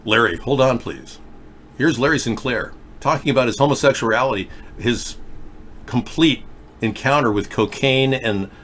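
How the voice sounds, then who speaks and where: A man's voice: mid-range voice, normal speed, a bit bright, a little hiss or hum. A man hosting a live call-in talk show, rambling and conspiratorial as he talks to callers. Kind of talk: rambling live-stream commentary.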